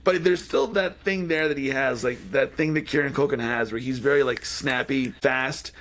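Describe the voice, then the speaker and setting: A man's voice: mid-range voice, moderate pace, fairly bright tone. A man hosting a casual podcast, reading jokes from his notes and laughing at his own lines. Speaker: podcast host.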